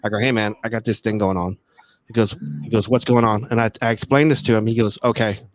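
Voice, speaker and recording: A man's voice: lowish voice, steady tone, quick pace. Rambling man telling a spooky story. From Texas. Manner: rambling, repeats words and restarts often. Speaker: guest. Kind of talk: casual storytelling.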